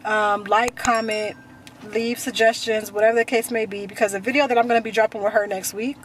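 A woman's voice: mid-range voice, flat delivery, fairly quick, a little hiss or hum. A young woman vlogging casually, chatty and repetitive, talking straight to her viewers. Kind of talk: casual chat to camera.

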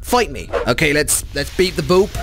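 A gaming YouTuber playing a VR horror game, chatty and swearing, who talks to the monsters in a mock bro voice and shrieks when scared. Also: male voice, a little high, animated, moderate pace, over loud music. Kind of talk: comedic VR horror let's play.

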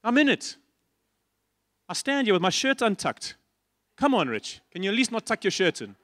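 High-voiced preacher with a dry sound. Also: male voice, sing-song, normal speed, no room sound. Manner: impassioned, repeated rhetorical questions to the congregation; shifts between loud emphasis and soft, low asides. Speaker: pastor. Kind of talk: sermon. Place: church stage.

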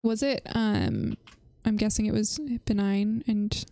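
A woman's voice: medium pitch, sing-song, slow, vocal fry, mellow, no room sound. A woman hosting a casual livestream chat, answering chat messages and laughing often as she talks. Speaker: livestream host.

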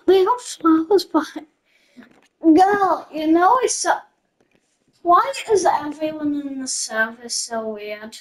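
A young woman giving chatty, giggly commentary while playing a video game, easily excited and laughing often. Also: high voice, takes it slowly, poor audio. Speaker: gamer. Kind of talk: casual gameplay commentary.

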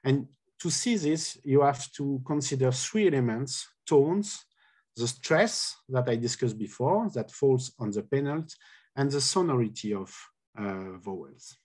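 A man's voice: medium pitch, lively intonation, measured pace, darkish tone, husky. A man giving an academic colloquium talk on linguistics, explaining step by step with many hesitations and self-corrections. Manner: hesitant, many filler sounds. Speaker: linguistics lecturer.

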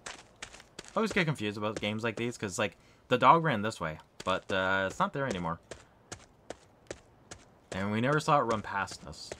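Chatty let's-play streamer, very animated, faint hiss behind. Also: medium pitch, normal speed, pauses often. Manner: chatty, playful, reads dialogue aloud. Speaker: gaming streamer.

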